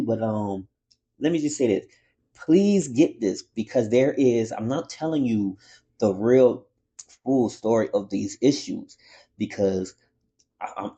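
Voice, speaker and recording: A man giving a casual, rambling comic book review, excitable and swearing freely. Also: medium pitch, moderate pace.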